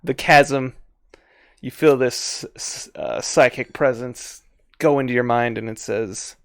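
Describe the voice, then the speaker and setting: A man narrating a tabletop game as game master, relaxed and pausing with fillers. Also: medium pitch, no room sound, studio quality. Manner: relaxed storytelling with filler sounds.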